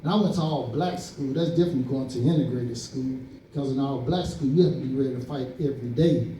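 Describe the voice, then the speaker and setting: This male comic from East Saint Louis, Illinois, talks a little fast with a dark, medium-pitched voice, telling stories and acting out quotes. The sound is roomy and distant, as in an echoey club, with slight hiss or hum.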